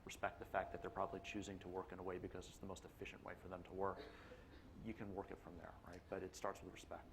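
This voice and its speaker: Give me a deep-voiced man stating firm points on a stage panel, with clear background noise on the recording. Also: monotone, quick pace. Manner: firm and earnest, speaking in short direct points. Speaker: panelist, company IT executive. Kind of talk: panel discussion answer. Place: stage at a live panel event.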